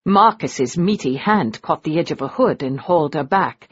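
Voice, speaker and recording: Woman audiobook narrator, breathy, lively intonation, slow dramatic delivery. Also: low-pitched. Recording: dull lo-fi audio.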